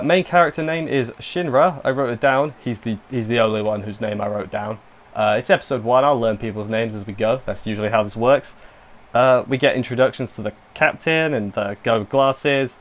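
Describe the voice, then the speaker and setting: A man's voice: medium pitch, highs cut off. A young man casually recapping and reviewing an anime episode, rambling with self-deprecating asides and lots of fillers.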